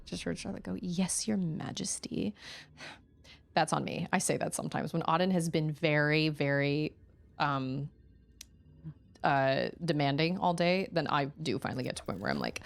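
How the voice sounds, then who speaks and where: A woman's voice: low-pitched, animated, normal speed, gravelly. A woman streaming a game from home, chatting casually and yelping in surprise at the game. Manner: chatty, with sudden yelps of surprise. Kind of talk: casual gaming chat.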